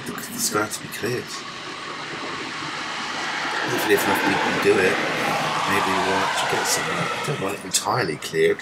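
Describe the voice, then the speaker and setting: A man with a lowish voice gives meandering live commentary outdoors. He swears casually and often leaves sentences unfinished. Loud outdoor noise presses in around his voice. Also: vocal fry. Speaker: livestreamer filming the sky. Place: outdoors under the sky.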